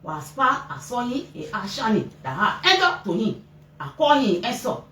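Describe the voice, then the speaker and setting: In an emotional press interview, a mother speaking Liberian English at a moderate pace explains what happened to her son. She brings it to life by acting out people's shouts, her pitch rising and falling sharply. The mic sits at a distance in a roomy space, catching faint background noise.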